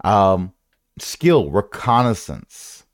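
A man's voice: lowish voice, sing-song, extremely slow, no echo, clean studio sound. A man running a tabletop game as game master, rambling and correcting himself with wry asides.

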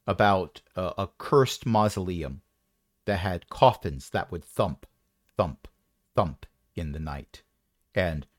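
Joking game master with lively pitch. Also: no echo. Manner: dry, joking delivery. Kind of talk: narrating a tabletop game.

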